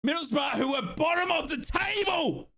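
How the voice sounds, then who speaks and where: Young Australian man, fan streamer, hoarse, crying, very high bright shouting. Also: expressive, normal speed. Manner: shouting, overjoyed and tearful. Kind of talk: live fan watchalong reaction.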